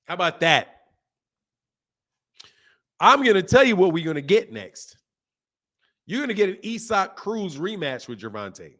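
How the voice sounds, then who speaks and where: Animated, lively-pitched man in his fifties. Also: normal speed, pauses often. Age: 50s. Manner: animated, exasperated ranting at chat. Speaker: boxing channel host. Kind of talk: live stream chat reading comments.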